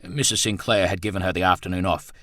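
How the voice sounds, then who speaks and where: A man's voice: deep voice, steady tone, fast talker, sharp tone, dry recording. A man reading an earnest young gardener. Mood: shaken.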